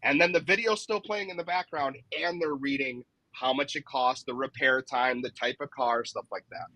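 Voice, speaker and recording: A man's voice: medium pitch, normal speed, bright, forceful tone, no echo, low-quality recording. A man who works as a dent repair technician, a guest on a casual podcast interview, explaining his advice step by step and often checking in with "right?". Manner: explanatory, tags many points with "right?".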